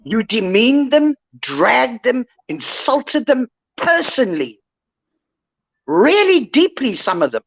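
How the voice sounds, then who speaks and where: Older woman host, slow and animated, scolding tone on an online call. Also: fairly high pitch. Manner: indignant, lecturing rant. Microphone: online call mic.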